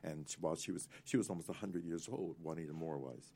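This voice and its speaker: An elderly man in his eighties with a very deep, gravelly voice, spinning long, rambling anecdotes as an interview guest. He talks in an animated way and breaks into laughter between stories. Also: fast talker. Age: 80s. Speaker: actor guest.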